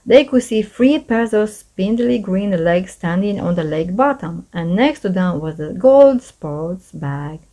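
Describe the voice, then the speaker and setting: A woman reading a children's chapter book aloud. Her voice is expressive and animated, swinging widely in pitch at a middle register. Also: a little slow, hardly any pauses. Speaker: storyteller.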